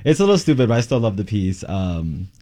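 A man's voice: on the low side, sing-song, quick pace, over a noisy crowd. A man telling a funny story in a casual group chat, joking and laughing a lot.

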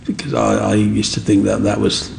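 A man's voice: on the low side, flat delivery, normal speed, vocal fry, a little mellow, a little hiss or hum. A man telling his life story as an interview guest, acting out the voices of people in it. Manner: acts out voices in his anecdotes. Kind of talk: animated storytelling.

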